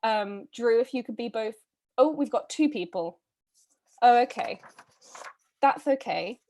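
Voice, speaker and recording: A woman hosting a live online read-through, casting roles in a chatty, brisk way with frequent ums, heard over a video call. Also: a little high, lively intonation, dark tone. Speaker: read-a-thon host casting readers.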